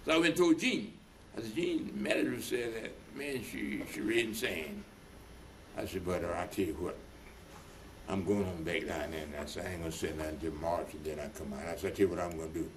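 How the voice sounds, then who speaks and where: An older man with a fairly low voice recounts his working life in a loose, rambling way. He slips into other people's voices as he retells conversations, and faint noise hums under the recording. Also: a little fast. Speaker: veteran being interviewed. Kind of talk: oral history storytelling.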